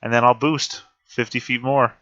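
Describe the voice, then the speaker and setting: A man playing a tabletop game, joking and talking his moves through quickly. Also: mid-range voice, flat delivery, a bit bright, highs cut off. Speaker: player. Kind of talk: tabletop game play over voice chat.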